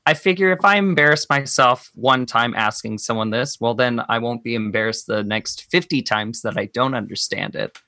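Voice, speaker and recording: Bright, reflective man in a podcast chat. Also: medium pitch, normal speed, few pauses, dry recording. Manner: reflective and earnest, thinks aloud. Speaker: guest. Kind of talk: personal conversation.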